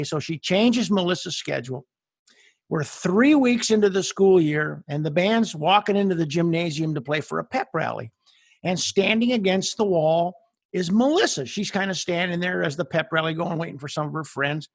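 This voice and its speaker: A man hosting an interview, a former band director who tells animated stories and acts out the voices in them. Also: sits high, normal speed, no echo, studio quality. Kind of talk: casual interview and storytelling.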